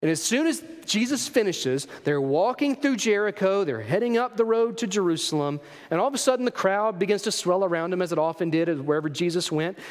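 A man's voice: sits high, lively intonation, fairly quick, few pauses. A male pastor preaching a sermon, asking rhetorical questions and repeating key phrases for emphasis. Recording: long reverb of a large hall.

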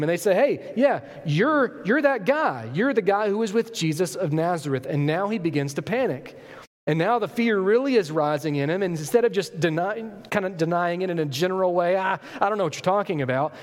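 A preacher in a reverberant hall. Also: male voice, a little high. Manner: storytelling, acts out the Bible scene with voices. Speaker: pastor. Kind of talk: sermon.

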